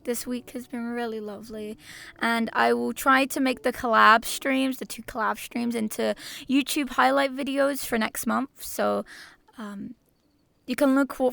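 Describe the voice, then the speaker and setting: A woman's voice: a little high, vocal fry, fairly bright tone. A woman streamer chatting casually with her viewers, gushing and sentimental in a playful way. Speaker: VTuber streamer. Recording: music playing under the voice. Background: background music.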